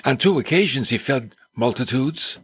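Animated, husky-voiced male preacher. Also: mid-range voice, normal speed, no room sound. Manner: animated, conversational preaching with rhetorical questions. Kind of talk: sermon.

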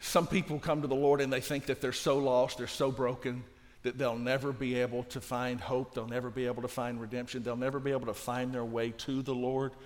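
A man preaching a sermon as a guest pastor, swinging from soft passages to shouting. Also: medium pitch, little pitch movement, a little fast. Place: church sanctuary. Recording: reverberant church hall.

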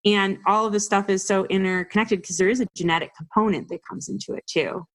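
A woman's voice: mid-range voice, fairly even intonation, a little fast. A woman in her forties, a health practitioner, explaining earnestly as a guest on an interview podcast.

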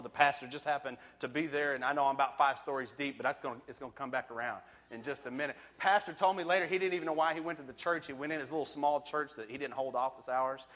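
A man preaching a personal testimony sermon, emphatic, swinging from quiet, low passages to loud shouted peaks. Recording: long reverb of a large hall.

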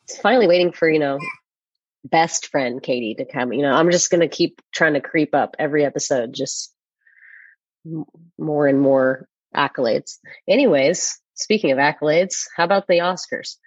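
A woman's voice: sits low, normal speed, slightly rough, dry recording, dull audio. A woman co-hosting a casual movie podcast, rambling through a recap with lots of fillers. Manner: rambling, filler-heavy retelling. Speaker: podcast co-host. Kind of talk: casual chat.

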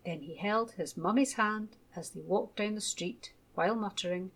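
A woman gently reading a children's story aloud. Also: medium pitch. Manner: gentle, measured.

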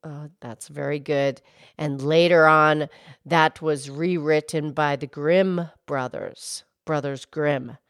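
A lowish, unhurried voice belongs to a wise, patient cartoon cow, played by a woman. She explains things slowly and gently, like a teacher, on a playful kids' podcast. The sound is close and dry, with no room around it. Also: fairly even intonation, no room sound. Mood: explaining. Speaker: podcast co-host.

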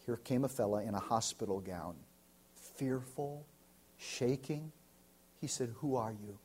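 An American man, a pastor, preaching a sermon and telling a story, swinging from loud to hushed. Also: medium pitch, measured pace, slightly rough. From United States.

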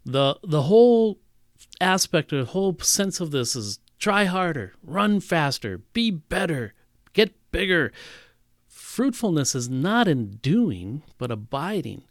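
Male pastor, lively sermon voice, dry close recording, emphatic teaching. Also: on the high side, slow pace, no echo. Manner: animated Bible teaching with emphatic repetition.

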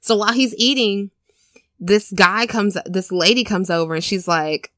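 A woman's voice: mid-range voice, moderate pace, fairly bright tone, no room sound, studio quality. A woman hosting a casual podcast chat, animatedly retelling a film's plot and acting out the characters' lines with cursing and laughter. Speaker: podcast co-host retelling a film.

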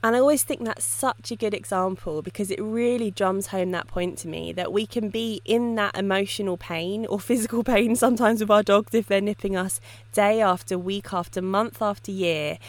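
A woman's voice: mid-range voice, normal speed. Chatty woman podcaster. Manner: lively storytelling with frequent laughs. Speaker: dog trainer and podcast host. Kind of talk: casual solo podcast teaching.

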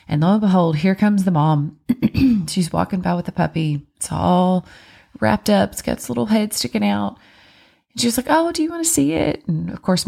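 A woman in her thirties, a mother of four, telling a personal story in a chatty, animated way and acting out what people said. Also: on the low side, creaky.

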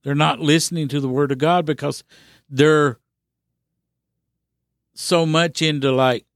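A man's voice: a little high, steady tone, a little slow, pauses often, no echo, studio quality. A man preaching a podcast sermon in an earnest, repetitive exhorting manner with frequent restarts.

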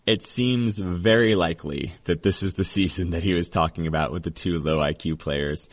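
A man hosting a podcast in a casual, chatty, joking way, full of quick asides. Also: deep voice. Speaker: podcast host.

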